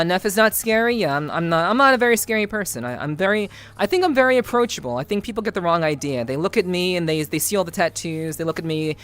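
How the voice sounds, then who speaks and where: A woman streamer chatting casually with her live chat, greeting viewers by name, laughing and repeating herself. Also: fairly low pitch. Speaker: VTuber streamer.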